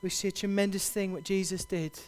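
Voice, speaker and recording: A man preaching a sermon, building to loud, impassioned repeated cries. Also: high voice, little pitch movement, a little fast.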